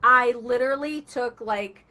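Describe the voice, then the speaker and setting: Brief: woman radio host, bright and a bit high, chatty storyteller. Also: unhurried. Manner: chatty, animated storytelling with acted-out quotes. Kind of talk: casual talk radio chat.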